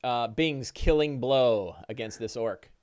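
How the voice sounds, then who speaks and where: A man narrating as game master, describing combat and breaking into loud monster voices. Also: medium pitch, slow, lo-fi sound. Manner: lively narration with shouted orc voices.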